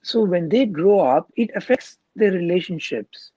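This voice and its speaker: A man's voice: high-pitched, animated, unhurried, mellow, no room sound, lo-fi sound. A man, a hypnotherapist being interviewed, explaining earnestly and checking in with "you know" and "right?" as he goes. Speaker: clinical hypnotherapist guest.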